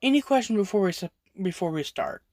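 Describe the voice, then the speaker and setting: A storyteller voicing a confident woman hero who is now a combat teacher, speaking sternly with calm threats. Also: medium pitch, fast talker, no echo, natural voice. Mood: announcing.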